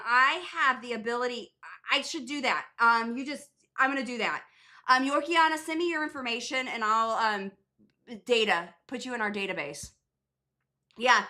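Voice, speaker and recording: A woman's voice: fairly high pitch, pushed and bright. A woman nurse practitioner, hosting a casual live Q&A, chatting in a rambling way with many fillers and restarts. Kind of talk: casual livestream chat.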